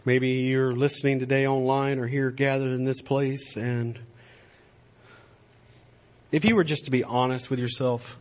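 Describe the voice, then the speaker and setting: A man preaching a sermon in a church, swinging from impassioned raised-voice exhortation to soft, pleading appeals. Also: medium pitch, little pitch movement, unhurried, long pauses. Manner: impassioned preaching, shouting at climaxes then dropping to a soft plea. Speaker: pastor. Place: church sanctuary.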